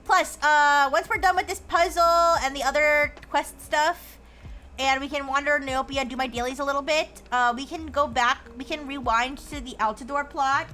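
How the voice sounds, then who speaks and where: A woman's voice: high-pitched, steady tone, moderate pace, bright, forceful tone, faint music behind. A woman streamer chatting casually while she plays, rambling with lots of restarts and fillers and joking in a playful robot persona. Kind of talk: casual chat while gaming.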